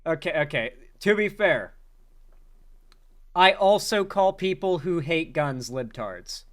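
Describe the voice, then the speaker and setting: A man's voice: a little high, animated, slow, fairly bright tone. A man reacting to comedy clips as a commentary host, talking bluntly and profanely with frequent incredulous outbursts.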